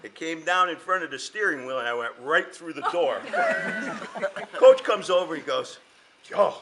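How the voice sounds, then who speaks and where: A man's voice: a little high, moderate pace. Guy telling a funny story about his old coach, voice jumps all over, noisy background. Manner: lively storyteller, laughing at himself. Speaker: former student athlete. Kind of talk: casual anecdote at a gathering.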